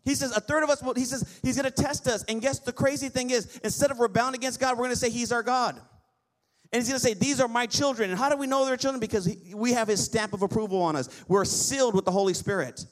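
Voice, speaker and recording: A male pastor preaching a lively sermon, often asking the congregation for an amen. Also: extremely high pitch, fast talker. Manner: lively preaching with call-and-response amens.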